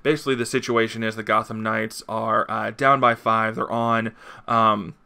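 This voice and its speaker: Male comic reviewer, casual and rambling, gravelly and bright. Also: lowish voice, little pitch movement, normal speed. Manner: rambling, enthusiastic, full of fillers.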